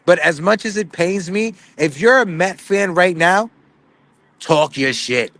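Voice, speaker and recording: A man's voice: high voice, a little slow, a bit bright, dry recording. Chatty young man saying 'right?'. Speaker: live stream co-host. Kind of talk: casual sports talk.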